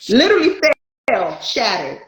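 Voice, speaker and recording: A woman's voice: medium pitch, unhurried, echoey room, low-quality recording. A woman, a spiritual light worker, telling a story in casual chat and acting out the dialogue. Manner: animated, acts out dialogue in her story.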